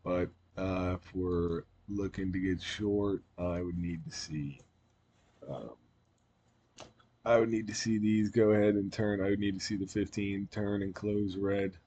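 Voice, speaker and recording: A man with a very low, flat voice gives casual trading chart commentary. He rambles, circling back with ums and restarts. The audio sounds dull and lo-fi, with faint hiss behind him. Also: a little slow. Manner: rambling, many fillers and restarts. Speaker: market analyst.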